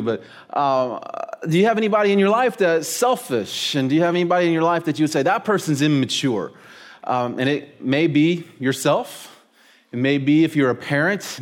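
A man gives a sermon in a church hall, his voice pitched slightly high. He tells stories in a folksy, joking way and keeps asking the congregation questions. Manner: folksy storytelling with jokes and audience questions. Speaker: pastor. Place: church hall with live audience.

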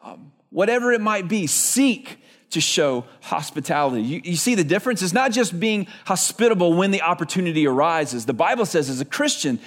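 A man's voice: sits high, expressive, brisk. A male pastor preaching a sermon in a church, telling stories conversationally with frequent "right?" asides.

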